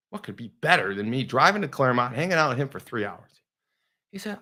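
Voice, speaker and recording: A man's voice: mid-range voice, brisk, gravelly, husky. A man hosting a show, telling a story with energy and acting out both sides of quoted conversations. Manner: animated storyteller, acts out quoted dialogue. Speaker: host.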